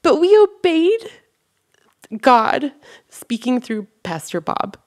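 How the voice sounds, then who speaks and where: A woman's voice: high voice, very animated, slow pace, a little mellow. A woman guest on a church podcast, telling a story in casual conversation and acting out the voices of the people in it. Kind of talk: casual testimony chat.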